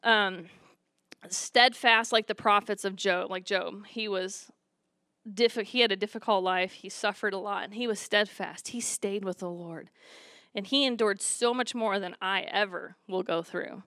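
A woman's voice: mid-range voice, fairly even intonation, a little slow, bright, forceful tone, dry recording. A woman sharing a chatty, upbeat testimony about a youth trip at church. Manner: chatty, upbeat, laughs while telling stories. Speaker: youth leader giving testimony.

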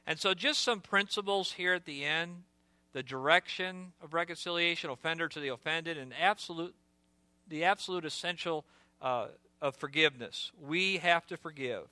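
Male pastor preaching a sermon: bright, smooth, slightly higher voice, earnest delivery. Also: normal speed, no echo. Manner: earnest preaching, drops to a hushed voice for storytelling asides.

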